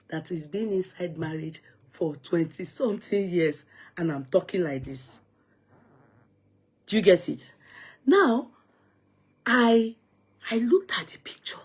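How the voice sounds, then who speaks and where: Husky nigerian lady vlogging, dramatic storyteller, whispers then gets loud. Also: on the low side, slow, pauses often. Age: middle-aged. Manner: animated, dramatic, drops to hushed whispers and swings to loud outbursts. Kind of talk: emotional personal storytelling.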